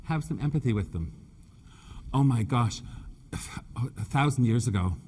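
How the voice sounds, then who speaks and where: Husky man, chatty teasing presenter. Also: medium pitch, animated, a little slow, warm tone. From Nova Scotia, Canada. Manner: chatty, teasing, camp humor, calls people honey and dear; stutters a bit. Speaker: floral designer presenter. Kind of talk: live stage demonstration talk. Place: main stage at a trade show.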